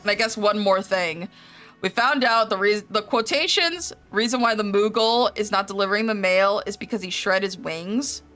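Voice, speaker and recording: A woman's voice: mid-range voice, normal speed, fairly bright tone, soft background music. A young adult woman streaming a game, recapping its story in casual chat, swearing freely and laughing often.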